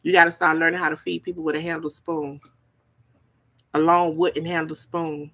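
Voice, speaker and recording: A woman's voice: sits low, flat delivery, moderate pace, fairly bright tone. A woman giving a spiritual reading in a casual, folksy, preachy way, repeating herself and checking in with "okay?" often. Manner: repetitive, preachy, folksy, keeps asking "okay?". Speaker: spiritual reader.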